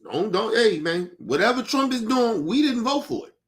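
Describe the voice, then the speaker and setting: A man delivering a heated, profane rant as a podcast host, shouting and repeating himself. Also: sits high, animated, normal speed.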